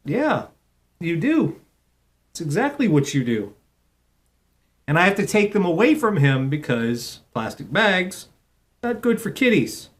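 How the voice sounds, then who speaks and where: A man's voice: high voice, very animated, a little slow, long pauses. Man cooing to his cat on air. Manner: coos softly in baby talk to his cat between announcements. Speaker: internet radio host. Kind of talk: casual live radio chat.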